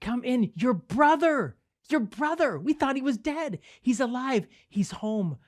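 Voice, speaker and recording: A man's voice: very high voice, lively intonation, a little slow, pitched above the performer's own voice. A man voicing a forgiving older father who pleads exuberantly with his son during a sermon retelling. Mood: joyful pleading.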